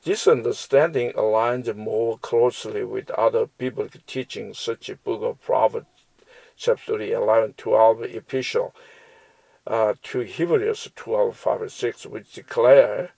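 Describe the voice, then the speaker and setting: A man's voice: fairly low pitch, steady tone, unhurried, creaky, a little mellow, dry recording, rough recording. A man reading Bible verses aloud and explaining them, with frequent restarts and fillers. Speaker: Bible teacher. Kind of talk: slow scripture reading and commentary.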